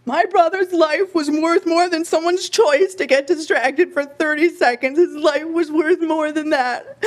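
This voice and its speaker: Woman testifying at a hearing, high pitched, impassioned, voice catching now and then. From Minnesota. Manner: impassioned, voice breaking at times. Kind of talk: emotional public testimony.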